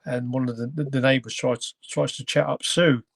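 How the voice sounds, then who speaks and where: A man's voice: medium pitch, steady tone, normal speed, creaky, no echo. Rambling man reviewing a film. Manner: rambling, hesitant, stops to search for words. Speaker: podcast host. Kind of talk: casual film review chat.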